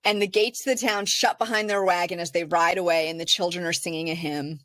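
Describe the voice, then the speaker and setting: A woman's voice: lowish voice, fairly even intonation, a little fast, a bit bright, no echo, clean studio sound. A woman co-hosting a podcast, casually recounting a film's plot step by step with a chatty, filler-laden manner. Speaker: podcast co-host. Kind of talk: casual movie discussion.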